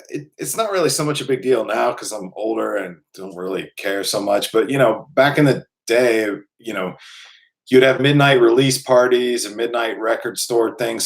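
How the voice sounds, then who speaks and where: A man hosting his own live stream, chatting casually and reading out viewer comments in a rambling way, with many fillers and restarts. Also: fairly low pitch. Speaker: channel host.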